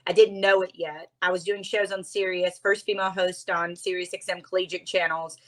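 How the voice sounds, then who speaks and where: A woman from Louisiana, a guest author and speaker, telling her story in an expressive, earnest conversational way. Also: on the low side, a little fast, rough recording.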